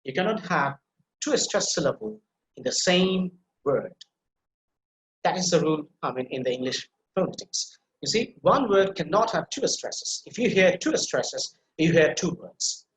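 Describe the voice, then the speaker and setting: A man's voice: sits high, sing-song, reverberant, poor audio. Bangladeshi man teaching pronunciation. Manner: repeats words slowly for drill, explanatory. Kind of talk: online lecture over slides.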